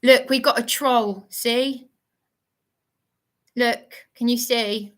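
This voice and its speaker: A woman's voice: on the high side, steady tone, slow pace. Shaken, indignant woman live streaming. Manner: shaken, indignant, stumbling over words. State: shaky, worked up. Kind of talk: agitated live-stream monologue.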